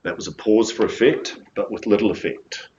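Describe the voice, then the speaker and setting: A man with a New Zealand accent calling a live property auction in a room, mixing flowery sales patter with a rapid chant of bids. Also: lowish voice, steady tone, darkish tone, dull audio.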